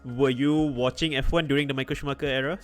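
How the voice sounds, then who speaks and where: A man hosting a casual podcast, asking relaxed, teasing questions. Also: mid-range voice, fast talker, soft background music. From Malaysia. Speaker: podcast host.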